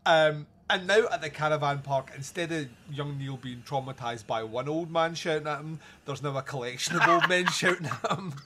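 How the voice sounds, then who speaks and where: Podcast host, male, slightly higher voice, loose rambling delivery, chuckles through his plot summary. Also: normal speed, few pauses, sharp tone, slight background noise. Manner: rambling, giggly scene recap. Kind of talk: casual film review chat.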